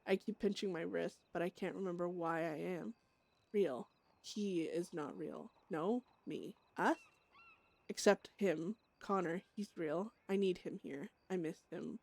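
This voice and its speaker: A woman voicing a troubled outlaw woman who hears voices and craves drugs, speaking her thoughts in a quiet, halting inner monologue. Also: fairly low pitch, creaky, breathy edge, no echo, full character voice. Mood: anguished.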